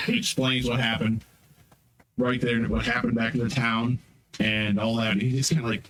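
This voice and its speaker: A man's voice: level tone, a little slow, fairly bright tone, low-quality recording. A man narrates a tabletop game in a loose, rambling way, like someone making it up as he goes. A faint hiss of noise sits under his voice. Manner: casual, rambling, jumps into high-pitched voices for characters. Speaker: game master.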